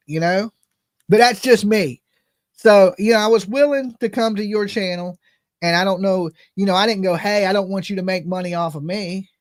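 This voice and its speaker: A high-pitched man with a drawl hosts his own channel, ranting in a casual, animated way. His talk is loose and joking, with sudden jumps in volume. The sound is dry and close, with no room echo. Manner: animated, joking, drops into mock voices. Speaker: channel host.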